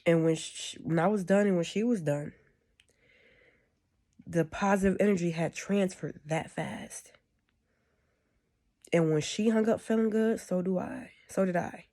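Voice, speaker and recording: A woman's voice: lowish voice, measured pace, long pauses, dark tone. A woman giving a casual, rambling spiritual monologue, often checking in with "you know what I'm saying.". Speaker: spiritual speaker.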